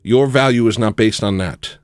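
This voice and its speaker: A man ranting in a rambling, jokey monologue on a livestream, swinging from shouting to muttering. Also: lowish voice, normal speed, slight background noise. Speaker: livestream host.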